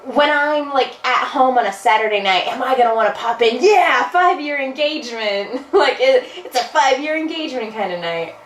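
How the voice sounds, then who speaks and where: A woman's voice: fairly high pitch, expressive, brisk, few pauses. A woman in her twenties or thirties co-hosting a casual movie review show, chatting with fillers and frequent laughs. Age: 20s or 30s. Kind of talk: casual chat. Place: in a car. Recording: roomy, distant, faint background hum.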